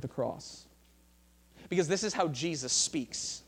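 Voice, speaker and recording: A man's voice: on the high side, animated, normal speed, darkish tone. A man preaching a sermon as pastor, earnest, often restarting phrases and reading scripture aloud.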